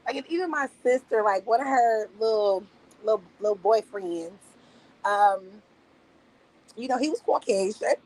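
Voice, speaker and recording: A woman in her thirties streaming, telling casual stories in a profane, laughing, animated way. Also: on the high side, normal speed, pauses often, low-quality recording. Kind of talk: casual storytelling monologue. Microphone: streaming mic.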